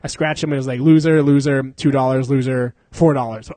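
A man's voice: mid-range voice, steady tone, a little fast, mellow, no room sound. A young man casually telling a rambling story to friends, laughing often and swearing.

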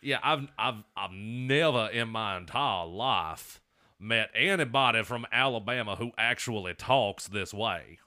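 A man's voice: fairly low pitch, unhurried, pushed and bright. A man hosting a podcast, telling stories in rambling, profane casual chat and laughing often. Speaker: podcast host.

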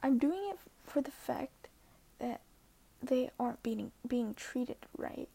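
A woman's voice: high voice, steady tone, takes it slowly, creaky, mellow, slightly rough. A teenage girl talking earnestly and hesitantly in a casual vlog, often dropping to a half-whisper. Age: teens. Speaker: social media poster.

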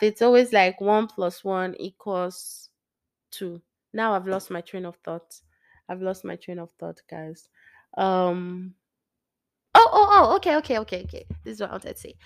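With a steady, creaky, medium-pitched voice at normal speed, a young woman chats with listeners about her Christian faith. Her talk wanders and self-corrects, broken by frequent laughter and occasional dips to a near-whisper.

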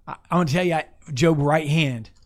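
A pastor with a slightly high, brisk voice preaches an unscripted sermon. He talks casually with his listeners, restarts his sentences, and asks them to look up verses.

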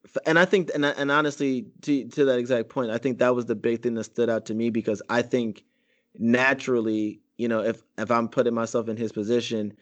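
A man's voice: mid-range voice, fairly even intonation, fairly quick. A man co-hosting a casual podcast chat, talking emphatically in slang about a TV episode and agreeing often. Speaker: podcast co-host.

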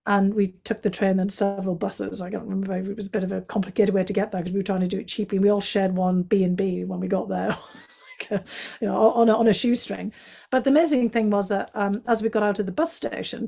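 Gravelly-voiced woman from Northeast England. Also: mid-range voice. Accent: Northeast English. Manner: chatty, many "you know" fillers, animated quoting of others. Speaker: guest. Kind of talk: reflective storytelling in conversation.

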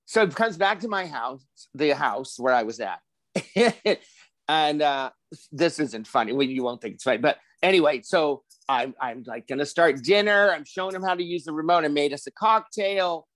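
A man of about sixty tells a long personal story in a casual podcast chat, with a voice a little higher than most men's. He slips into different voices to act out what people said. The recording is dry and close, with no room sound. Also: normal speed, no echo. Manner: animated storyteller acting out quoted voices. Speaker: podcast host.

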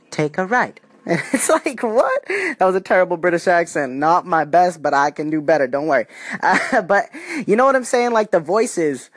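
Animated slangy male podcast host. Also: fairly high pitch, no room sound. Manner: animated, slangy, laughs often. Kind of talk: comedic podcast monologue.

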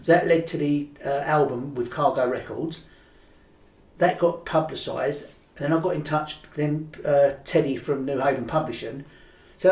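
A man's voice: fairly high pitch, fairly even intonation, moderate pace, a little mellow, distant mic. An older man from London's East End with a Cockney accent, telling stories as a guest in a rambling, casual way with many fillers and restarts. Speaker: guest poet. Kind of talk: casual interview chat. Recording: echoey room, away from the mic.

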